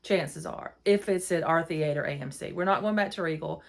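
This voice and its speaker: Casting: middle-aged woman, low voice, chatty and exasperated podcast storyteller. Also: normal speed, creaky. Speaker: podcast host. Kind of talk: casual storytelling monologue. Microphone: phone.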